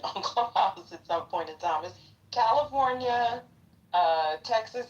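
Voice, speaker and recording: A woman's voice: lowish voice, far from the mic, poor audio. A middle-aged woman chatting casually in a live audio room, blunt, profane and ready to call people out. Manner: confrontational when calling someone out. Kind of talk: casual chat.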